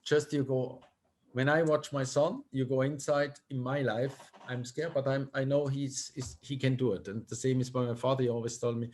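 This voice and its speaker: A middle-aged man from Switzerland with a Swiss German accent, talking casually as an interview guest in halting, non-native English, often stopping to search for words. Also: medium pitch, steady tone, a little mellow. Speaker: guest, tightrope walker.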